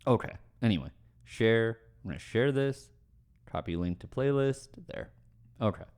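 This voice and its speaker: A man's voice: mid-range voice, animated, normal speed, darkish tone, clean tone. A man on a livestream chatting casually with viewers, ranting, swearing and then apologizing with a laugh. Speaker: streamer answering chat questions.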